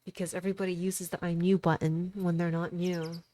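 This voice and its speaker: A woman's voice: fairly low pitch, flat delivery, a little fast, mellow, a little hiss or hum. A woman streaming a video game, chatting casually with viewers, laughing often and joking about herself. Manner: chatty, laughs often, self-deprecating asides. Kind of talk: casual livestream commentary.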